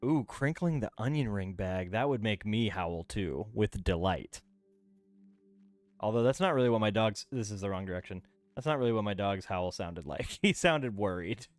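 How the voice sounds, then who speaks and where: Guy rambling on his game stream, goofy and lively, soft game music under him. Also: lowish voice, moderate pace, no echo. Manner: rambling, playful, jokey. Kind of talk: casual gameplay stream chat. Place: home room.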